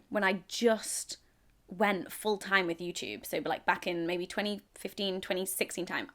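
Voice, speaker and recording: A woman's voice: medium pitch, a bit bright. A woman in her twenties from England, chatting casually to camera as a YouTuber, giggly and self-deprecating. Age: 20s.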